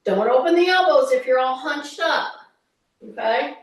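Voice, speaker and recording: A woman's voice: high voice, expressive, moderate pace. A woman, a fitness instructor, talking viewers through a workout in a chatty, coaching way with teasing asides. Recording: echoey room, voice from a distance.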